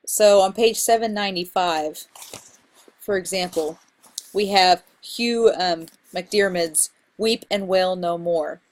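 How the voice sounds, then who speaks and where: A woman college instructor giving a recorded slide lecture, chatty and enthusiastic about literary terms. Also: medium pitch.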